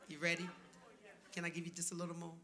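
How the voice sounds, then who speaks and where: A man's voice: on the high side, monotone, quick pace, very noisy. A man who is a pastor, telling stand-up stories in a church setting with punchy asides and calls to the audience. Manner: storytelling with punchy asides and audience call-outs. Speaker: pastor doing stand-up comedy. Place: church stage before a live audience.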